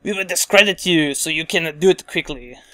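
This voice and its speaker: A man putting on a deliberately bad French accent to voice France as a defiant, rude Frenchman. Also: fairly high pitch, pushed and bright, no echo. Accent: mock French.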